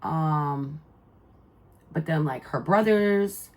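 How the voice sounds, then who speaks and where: A woman's voice: deep voice, drawn-out words, darkish tone. A middle-aged woman telling a family story in a casual vlog, rambling and heartfelt, with many fillers and restarts. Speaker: mother and vlogger.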